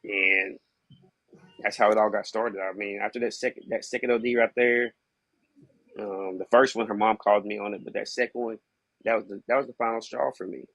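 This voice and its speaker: Man guest, low, gravelly; candid casual storytelling, dry recording. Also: steady tone, brisk, a bit bright, dry recording. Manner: casual, fillers like "you know what I mean". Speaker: podcast guest.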